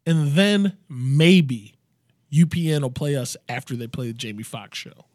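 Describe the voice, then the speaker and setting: A man's voice: fairly high pitch, lively intonation, unhurried, a little mellow, no echo, clean studio sound. A man in his thirties co-hosting a podcast in casual comedic chat, riffing crudely and swearing often. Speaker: podcast co-host.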